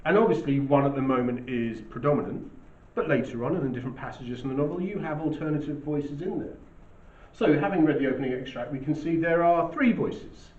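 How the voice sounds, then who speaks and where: A male teacher giving an English lesson in a measured, explanatory way. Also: a little high, a little mellow. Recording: roomy, distant, dull recording.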